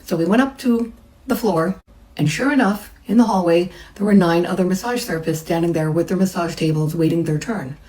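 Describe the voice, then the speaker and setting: A middle-aged woman recounts her own story in a relaxed, chatty way, with a fairly low voice. She slips into the voices of the people she quotes as she goes. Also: fairly quick, rough recording. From United States. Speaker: massage therapist. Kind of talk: personal storytelling.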